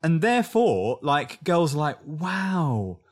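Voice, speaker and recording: Young English male co-host, casual and animated, swinging pitch. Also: moderate pace. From England. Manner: animated, acts out others' lines in mock voices. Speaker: podcast co-host. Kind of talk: casual chat recapping a reality show.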